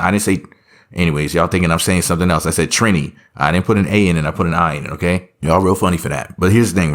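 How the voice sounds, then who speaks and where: A man giving casual reaction commentary, rambling and sarcastic, full of offhand asides. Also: deep voice.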